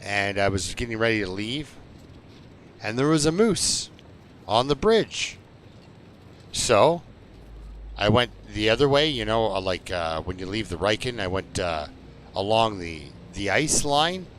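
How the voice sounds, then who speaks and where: A man's voice: lowish voice, animated, fairly bright tone, a little hiss or hum. A man streaming a survival game, chatting and telling stories at a rambling pace with lots of fillers. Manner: slow, rambling storytelling with many fillers. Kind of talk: relaxed gameplay commentary.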